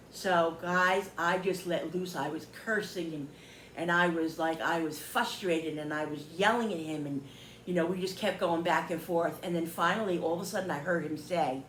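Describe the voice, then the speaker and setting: Woman vlogger, casual heated storytelling, roomy echo, faint background hum. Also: on the low side. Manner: animated, heated retelling with quoted dialogue.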